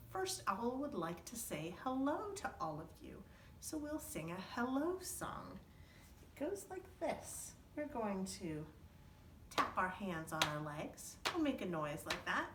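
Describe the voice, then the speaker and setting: A woman librarian leading storytime for small children, her voice lively and swooping yet unhurried. She sounds encouraging and singsong, slightly low in pitch. The recording is roomy and a bit distant from the mic, with faint ambience behind. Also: a little hiss or hum.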